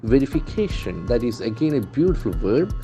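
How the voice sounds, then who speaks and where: A man teaching vocabulary from newspaper headlines, repeating and spelling out words slowly. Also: medium pitch, very animated, warm tone, faint music behind. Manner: slow, repetitive, spells out and stresses words. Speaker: English language trainer.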